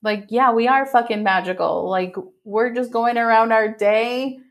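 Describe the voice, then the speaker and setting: A woman hosting a podcast in a casual interview, animated and effusive, laughing often and swearing freely. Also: a little high, a little slow. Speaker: podcast host.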